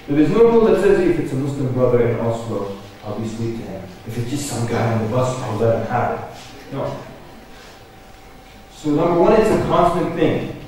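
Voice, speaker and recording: A man's voice: mid-range voice, animated, normal speed, a little mellow. A man giving a humorous religious lecture at a conference, talking conversationally and addressing the audience directly. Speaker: conference speaker. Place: large conference hall. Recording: echoey hall, picked up from far off.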